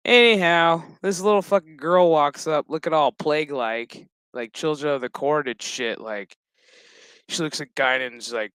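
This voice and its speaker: A show recap host with a smooth, somewhat bright, high-leaning voice speaks at normal speed, casually retelling a TV episode in crude, joking, profane terms. He chuckles while acting out the characters' lines, and the audio is poor with no room sound.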